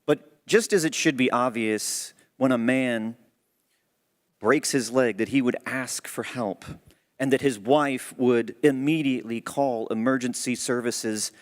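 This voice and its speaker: Earnest man telling a church story. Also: mid-range voice. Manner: conversational, earnest. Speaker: church speaker. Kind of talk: sermon storytelling.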